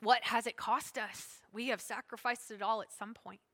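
A woman pastor preaching a sermon, swinging between loud emphatic lines and hushed asides. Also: fairly high pitch, fairly even intonation, normal speed.

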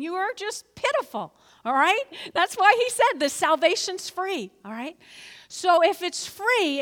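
A high, bright-toned woman preaching from the pulpit, lively and prompting her congregation to repeat lines back to her. Her voice carries with a long reverb around a large church hall. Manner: lively, calls for congregation responses. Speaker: pastor. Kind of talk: sermon. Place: church sanctuary.

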